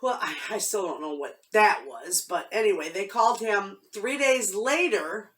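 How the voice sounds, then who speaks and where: A woman's voice: medium pitch, normal speed, a bit bright, distant mic. A woman vlogging from her homestead, telling a story in a heartfelt, rambling way with many restarts. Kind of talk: casual chat to camera.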